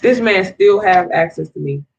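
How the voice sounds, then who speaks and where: A woman's voice: on the low side, animated, normal speed, vocal fry, husky, muffled recording. A woman in an angry, profane rant to camera, swearing heavily and rambling with restarts as she vents. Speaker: vlogger.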